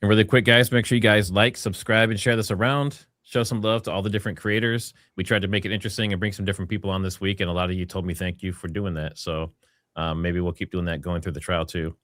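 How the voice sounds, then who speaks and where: A man with a low, deep voice hosts a live stream, upbeat and casual as he reads out viewer messages. The sound is dry and close, with no room behind it. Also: flat delivery, quick pace, fairly bright tone, no room sound. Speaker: live-stream host reading super chats.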